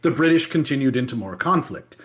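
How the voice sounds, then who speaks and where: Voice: mid-range voice, lively intonation, fairly quick. Chatty podcast host telling history. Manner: chatty, digressive, many fillers. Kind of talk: casual podcast storytelling.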